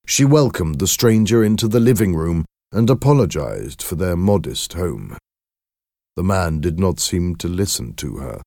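A man narrating a story aloud in a measured, expressive reading. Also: low voice, no echo, clean studio sound.

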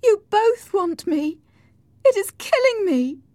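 A woman voicing Cathy, a heartbroken, dying young woman, speaking in a high, pained voice. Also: big pitch swings, takes it slowly, warm tone, no room sound, full character voice.

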